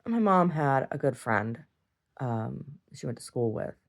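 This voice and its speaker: Low-voiced woman, blunt and profane. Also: expressive, measured pace, gravelly. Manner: blunt and profane, full of restarts and "I don't know"; chuckles often. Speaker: video diarist. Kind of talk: casual rambling monologue.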